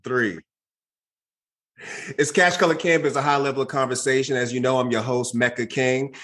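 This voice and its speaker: A man hosts an interview in a relaxed, chatty way. He is slightly out of breath and stumbles into restarts as he asks his questions. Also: mid-range voice, moderate pace. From Boston. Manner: loose and chatty, with many restarts. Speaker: podcast host. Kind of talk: casual interview chat.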